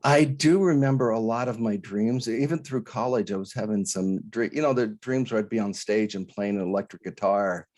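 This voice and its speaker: A man from Idaho, a guest author on an interview, telling a personal story in an earnest, halting way, full of restarts and quoted voices. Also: fairly low pitch, a little mellow.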